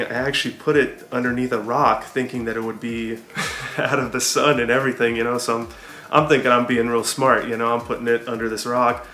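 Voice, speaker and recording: A man's voice: medium pitch, bright, forceful tone, echoey room. A young adult man, a hiking vlogger, casually telling a story to camera in a chatty, self-mocking way, laughing often. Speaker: hiking YouTuber.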